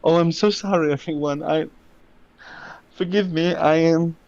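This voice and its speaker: A man's voice: a little high, fairly even intonation, measured pace, darkish tone, dry recording, voice pushed up. Vendela, a man doing a stammering, apologetic young man. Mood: flustered. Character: flustered, apologetic young man, freshly freed from a spell. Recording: muffled lo-fi audio.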